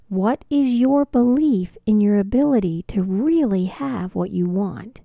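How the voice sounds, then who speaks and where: A woman leads a guided prosperity affirmation in an unhurried, gentle voice, often breathy and close to a whisper. Her tone is very dark and mellow, and the recording is dry and close, with no room sound. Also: medium pitch, no echo. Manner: slow, soft, often breathy whispered delivery. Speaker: spiritual teacher.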